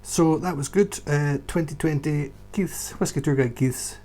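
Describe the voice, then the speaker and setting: A man's voice: on the high side, measured pace, few pauses, warm tone, soft background music. A man working as a whisky tour guide, talking through favourite whiskies in a casual, enthusiastic and emphatic vlog recorded indoors at home. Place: indoors at home beside a shelf.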